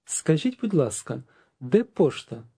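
A man with a fairly high, mellow voice gives model phrases for learners to repeat. His intonation rises and falls widely, and each phrase is articulated emphatically. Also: sing-song, measured pace, vocal fry, breathy edge. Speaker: native-speaker model in a language course. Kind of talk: model pronunciation for repetition.

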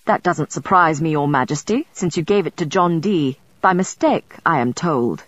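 A proud, sharp-tongued nobleman with a measured, cutting delivery, read by a woman narrator. The voice sits low, on a dull, dry audiobook recording. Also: animated, dry recording. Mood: cool.

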